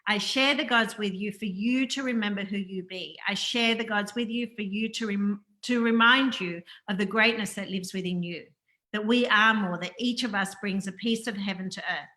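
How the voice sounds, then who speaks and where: Woman, interview host, earnest, affirming, repetitive phrasing, bright tone. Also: medium pitch, normal speed. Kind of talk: spiritual interview, scripted intro.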